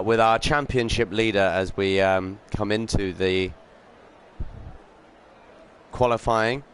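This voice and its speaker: A man giving upbeat live commentary on a sim racing league stream, chatting with viewers and filling pauses with ums and uhs. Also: on the low side, clear, resonant tone. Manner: greets chat viewers while commentating.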